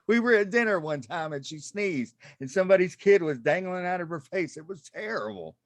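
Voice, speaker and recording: A man's voice: sits high, expressive, normal speed, pauses often, no echo. A man doing a rambling, self-mocking stand-up comedy set over a video call, laughing at his own jokes.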